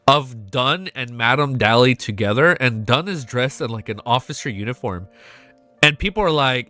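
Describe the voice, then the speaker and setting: An excitable man chatting live on stream, swearing freely and getting emotional, with a congested nose. His voice is bright and forceful, and the dry, close sound has soft music playing behind it. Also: medium pitch, moderate pace, no echo. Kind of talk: live reading reaction chat.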